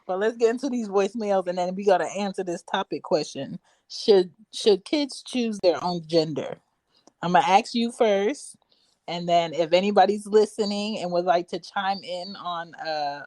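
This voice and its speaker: A woman's voice: on the low side, a little mellow, no room sound. A woman hosting a podcast, speaking directly and bluntly in casual chat. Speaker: podcast host.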